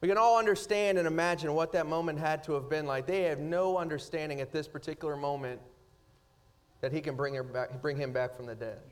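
A man preaching a sermon, swinging between loud, rising emphasis and hushed, slow passages. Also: fairly high pitch, fairly even intonation. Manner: dynamic preaching, rising loud then dropping soft. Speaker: pastor.

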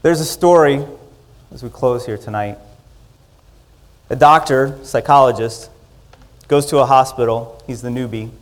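A man preaching a sermon. He swings from loud, rising lines down to soft, quiet endings. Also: mid-range voice, unhurried, long pauses. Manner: dynamic, rising loud in the story and dropping to soft closings. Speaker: pastor.

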